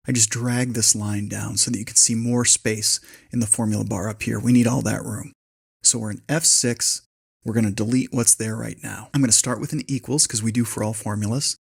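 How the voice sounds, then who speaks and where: Man, husky voice, methodical step-by-step tutorial, mid-pitched. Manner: methodical, dictating formula step by step. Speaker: spreadsheet tutorial host. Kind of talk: screen-recorded software tutorial.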